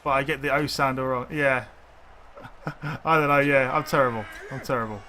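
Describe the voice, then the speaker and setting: A man's voice: medium pitch, fairly even intonation, moderate pace, sharp tone, a little hiss or hum. A man streaming a video game, chatting casually with viewers and thinking aloud in rambling, restarting sentences. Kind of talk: casual chat while gaming.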